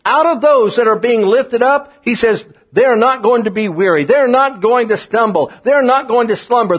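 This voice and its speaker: Fervent high-voiced husky male preacher. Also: lo-fi sound. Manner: fervent preaching with scripture reading and repetition. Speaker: pastor. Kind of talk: sermon.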